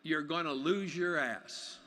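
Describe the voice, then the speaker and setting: An older man giving a folksy, plainspoken commencement speech in a large arena, with halting restarts. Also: on the high side, background noise. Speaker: commencement speaker. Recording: long arena reverb.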